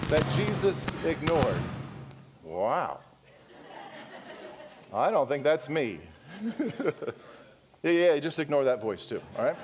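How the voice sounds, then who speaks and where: A man's voice: on the high side, a little mellow. A male pastor preaching a sermon, firing rhetorical questions and speaking candidly to his congregation in conversational asides. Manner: emphatic, full of rhetorical questions.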